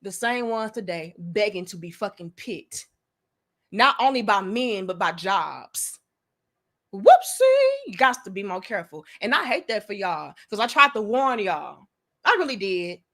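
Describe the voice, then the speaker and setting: Sassy high bright-voiced woman ranting. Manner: profane, sassy, preachy. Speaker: commentary show host. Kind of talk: blunt opinion monologue.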